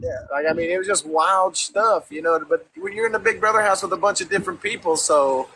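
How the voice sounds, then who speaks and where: A man's voice: sits high, brisk, over music, rough recording. A man with a Southern US accent telling stories in a casual livestream chat, talking through a phone. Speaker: former reality show contestant.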